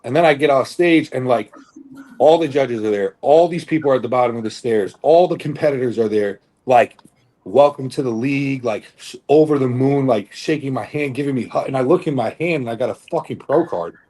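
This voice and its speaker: In a brisk, warm mid-range voice, this young bodybuilder co-hosting a podcast tells a long story in relaxed chat. The telling is rambling and casual, loaded with filler words and swearing.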